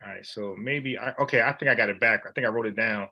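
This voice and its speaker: A man's voice: fairly low pitch, fast talker, bright, forceful tone, highs cut off. A man leading an informal Bible study, talking in an emphatic, slangy, conversational way.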